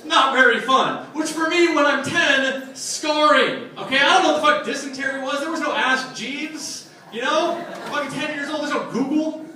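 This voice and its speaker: A man's voice: very high-pitched, normal speed, sharp tone, slight background noise. A young man performing a stand-up comedy set, telling loose, profane stories with asides to the audience. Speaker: stand-up comic. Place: comedy club stage. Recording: echoey club sound from a distant mic, crowd laughter. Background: audience laughing.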